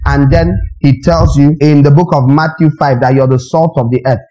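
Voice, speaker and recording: A man's voice: fairly high pitch, fairly even intonation, moderate pace, mellow, muffled recording. A man preaching a sermon as a pastor, emphatic and questioning his congregation directly.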